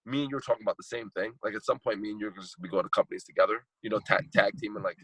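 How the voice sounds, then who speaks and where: A man's voice: lowish voice, racing, a bit bright, breathy edge, no room sound, poor audio. A man telling a heartfelt personal story as a podcast guest, earnest and repeating phrases for emphasis. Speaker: guest speaker and coach.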